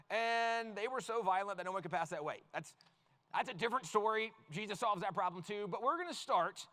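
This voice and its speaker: A man's voice: high voice, bright, forceful tone. A man preaching to a youth crowd, reading scripture and then running a playful skit with volunteers on stage. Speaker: youth speaker. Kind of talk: youth sermon with audience skit. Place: large youth event hall.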